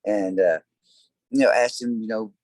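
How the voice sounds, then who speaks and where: A very deep-voiced man speaks as a guest in a relaxed interview, his talk full of "uh" and "you know" as he rambles through stories. The sound is dry and close, with no room behind him. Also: moderate pace, dry recording, poor audio. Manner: rambling storyteller, many fillers. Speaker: guest, tribute band singer. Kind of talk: casual interview chat.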